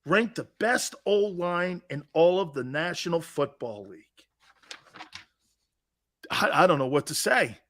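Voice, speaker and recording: High, lively, sarcastic sports-talk man. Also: a little slow, pauses often. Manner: sarcastic, mock-excited, bursts into shouts. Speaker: sports talk show host. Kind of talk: sports talk radio rant.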